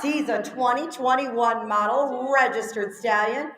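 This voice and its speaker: A woman at a horse sale reads out each horse's breeding and training in a slow, measured announcer's voice. Her pitch sits high. The sound has the roomy echo of a large arena. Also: a bit bright. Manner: measured, slow, informative delivery. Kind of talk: reading horse pedigree announcements.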